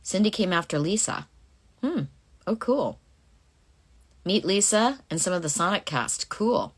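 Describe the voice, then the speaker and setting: A woman's voice: medium pitch, expressive, a little slow, slightly rough. A woman voice actress chatting through a live fan Q&A, reading out questions and answering casually.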